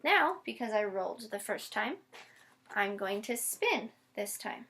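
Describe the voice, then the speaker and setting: A woman teacher giving a patient one-on-one phonics lesson, modeling each step slowly and spelling words out letter by letter. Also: mid-range voice, big pitch swings, a bit bright. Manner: slow, deliberate modeling with frequent check-ins. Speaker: special education teacher.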